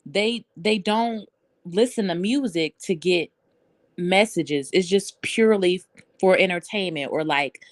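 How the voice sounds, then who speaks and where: A woman's voice: on the low side, measured pace, no room sound. A woman hosting a casual live stream, talking loosely and bluntly with lots of swearing and laughter.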